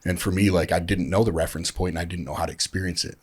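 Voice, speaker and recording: A man with a very low voice speaks in a casual podcast conversation. He talks in a heartfelt, rambling way, with many fillers and restarts. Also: fairly even intonation, rapid-fire, slightly rough. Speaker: podcast guest in recovery. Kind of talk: casual chat.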